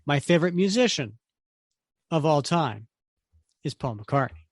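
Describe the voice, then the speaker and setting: A fairly high-pitched middle-aged man, speaking at a measured pace, co-hosts a podcast with lively, casual banter. He occasionally sings bits of songs and laughs, and there's slight background noise.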